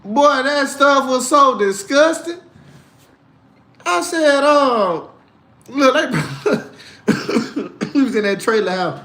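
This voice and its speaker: A man with a high-pitched voice chats casually on a livestream and tells stories with lots of animation, acting out the people in them. The room gives his voice a roomy echo. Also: slow pace, long pauses. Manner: animated storytelling, acts out voices, laughs often. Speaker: livestream host reading chat.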